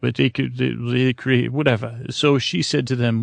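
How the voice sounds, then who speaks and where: A man's voice: mid-range voice, steady tone, moderate pace, creaky, few pauses, dry recording. A man improvising a bedtime story, rambling with many fillers and self-corrections.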